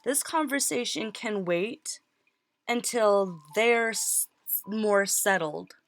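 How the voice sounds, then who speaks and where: A woman talks through a tarot spread in a loose, conversational way. She laughs easily and often cuts off a word to start it again. Her voice sits at an ordinary middle pitch for a woman. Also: slow, no room sound. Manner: chatty, laughs easily, breaks off mid-word. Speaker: tarot reader. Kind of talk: casual tarot reading.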